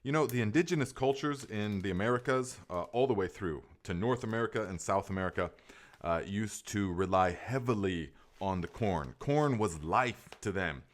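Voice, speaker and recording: A man's voice: on the low side, expressive, normal speed. A middle-aged man hosting a live gardening Q&A, rambling and enthusiastic, full of fillers and restarts. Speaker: gardening podcast host. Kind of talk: casual live Q&A chat.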